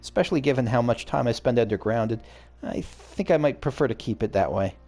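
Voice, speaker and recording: A man's voice: mid-range voice, expressive, brisk, dark tone, lightly acted. A man voicing a modest, polite young woman miner, with faint game music behind. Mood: shy.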